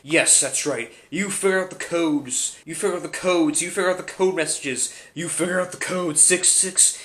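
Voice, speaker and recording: Brief: a man playing a menacing satanic game, bright and slow, echoey far-off mic. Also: a little high, close to an everyday voice. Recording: roomy echo, distant mic, faint hum.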